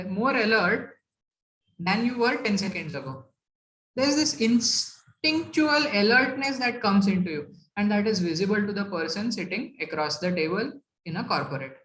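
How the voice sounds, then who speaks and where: A woman giving a talk on workplace etiquette, emphatic and asking the audience rhetorical questions. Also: medium pitch. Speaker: corporate etiquette speaker. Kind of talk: motivational talk. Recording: roomy hall echo.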